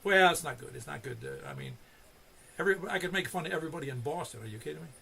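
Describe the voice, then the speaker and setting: Gravelly older man running a radio net. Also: a little high, very animated, very fast, noisy background. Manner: rambling storyteller with many restarts. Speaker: net control host. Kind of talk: casual ham radio chat.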